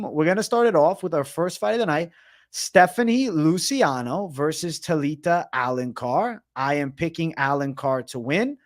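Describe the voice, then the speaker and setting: A man running a casual live MMA picks stream, talking in a rambling, profane way and joking with his chat. His voice sits a little higher than most men's. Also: lively intonation, normal speed. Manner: hums beat sounds between topics. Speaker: MMA prediction show host. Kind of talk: casual livestream commentary.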